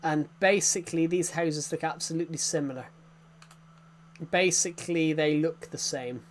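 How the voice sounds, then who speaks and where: A man's voice: fairly high pitch, fairly even intonation, normal speed, slight background noise. A young British man streaming a game, giving a rambling casual tour with lots of fillers and restarts. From Britain.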